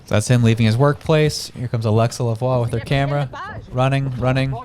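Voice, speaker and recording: A man's voice: mid-range voice, fairly even intonation, brisk, a little mellow, slight background noise. A man from Canada hosting a show, giving casual news commentary in a conversational way, full of rhetorical questions. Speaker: show host.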